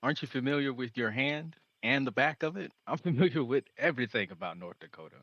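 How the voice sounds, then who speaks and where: A man's voice: medium pitch, animated, quick pace, fairly bright tone, dry recording, dull audio, voice pushed up. A man voicing a boastful teen boy demigod chess champion with a brash, teasing way of talking.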